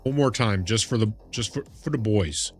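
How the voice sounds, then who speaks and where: A man live streaming a game, chatting casually and reacting excitably, laughing and swearing as he goes. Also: fairly low pitch, moderate pace, soft background music. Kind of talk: casual chat while gaming.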